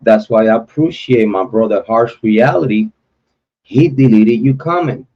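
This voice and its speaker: A man hosting a true crime livestream, talking loosely and repetitively in slang, giving heartfelt shout-outs to viewers. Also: fairly low pitch, measured pace, dull audio.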